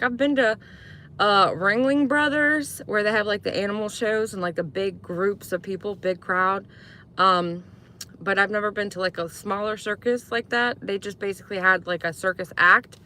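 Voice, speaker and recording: A woman's voice: pushed and bright, slight background noise. A woman live streaming in casual chat, talking to viewers and answering their comments. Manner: chatty, answers chat comments, mimics sweet talk in high voice.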